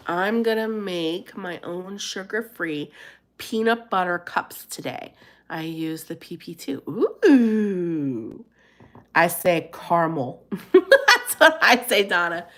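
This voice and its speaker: Woman, live stream host, casual chat, slightly low pitch, laughs often, from Pennsylvania. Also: a bit bright. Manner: chatty, laughs often, answers viewers by name. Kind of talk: casual live chat, reading viewer comments.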